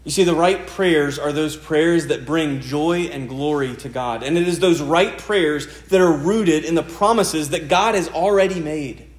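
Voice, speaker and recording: A man's voice: on the high side, measured pace, hardly any pauses. A male pastor preaching a sermon in an earnest, conversational way, often repeating key phrases. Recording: echoey room sound.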